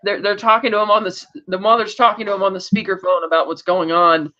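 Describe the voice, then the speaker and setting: A man's voice: sits high, flat delivery, fast talker, sharp tone, muffled recording. A man co-hosting a podcast, recapping a TV episode in a rambling, casual way with many restarts. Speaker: podcast co-host.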